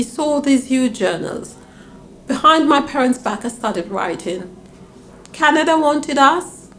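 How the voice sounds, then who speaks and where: An older woman from Grenada, telling stories about her past in an interview and acting out her parents' voices. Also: a little hiss or hum. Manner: animated, acts out her parents' voices with big pitch swings. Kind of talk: reminiscing storytelling.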